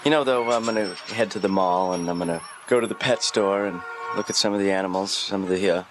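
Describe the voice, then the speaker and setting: An actor voicing an aimless young adult son who speaks in a droll, mumbling monotone. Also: male voice, deep voice, fast talker, a little hiss or hum, close to an everyday voice.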